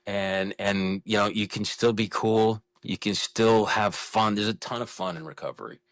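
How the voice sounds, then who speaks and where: A man in his fifties with a deep, low-pitched voice, recorded close and dry with almost no room sound. He talks candidly as a podcast guest, frank and self-deprecating, often restarting his sentences. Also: normal speed, fairly bright tone, no room sound. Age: 50s. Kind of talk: candid interview conversation.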